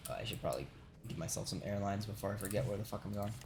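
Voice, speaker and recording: A man's voice: on the low side, very fast, noisy background. Man ranting with heavy swearing. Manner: profane ranting, constant "right?". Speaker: streamer. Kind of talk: venting while playing a game.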